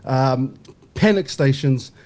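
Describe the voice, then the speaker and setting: A man's voice: medium pitch, slow pace, darkish tone. A man on a panel, emphatic and laughing often, repeating his points. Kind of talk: casual banter.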